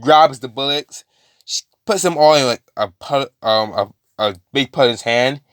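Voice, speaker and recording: Man, casual storyteller, rambling, lots of fillers, mid-pitched, dry close sound. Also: normal speed, a bit bright, smooth, dry recording. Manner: rambling, many restarts and fillers. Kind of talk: casual fan-fiction retelling.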